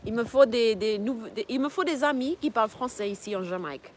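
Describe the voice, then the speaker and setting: A woman's voice: on the high side, fast talker, noisy background. A woman hosting a casual livestream, chatting with viewers, laughing often and slipping into French. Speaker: livestream host. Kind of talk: casual livestream chat reading viewer comments. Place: home in Jamaica.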